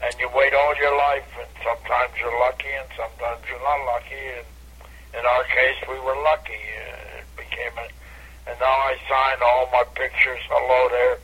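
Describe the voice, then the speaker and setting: An older man, a comedian, telling animated stories from his career in a casual radio interview over a phone line. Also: normal speed, slightly rough. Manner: animated anecdote teller, bursts into high catchphrase. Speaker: comedian guest.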